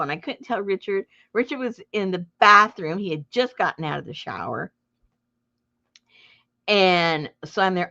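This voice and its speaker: Animated gravelly-voiced woman telling a story. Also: mid-range voice, moderate pace. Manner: animated, breaks into laughter and loud acted outbursts. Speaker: junk journal crafter and channel host. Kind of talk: casual storytelling to viewers. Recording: dull lo-fi home recording.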